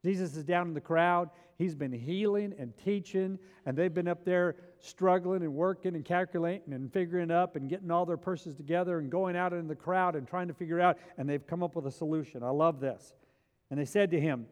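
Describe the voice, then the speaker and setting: A man preaches a sermon in a high, animated voice, repeating words as he acts out biblical scenes. The sound is from a church sanctuary, with long hall reverb behind every phrase. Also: normal speed.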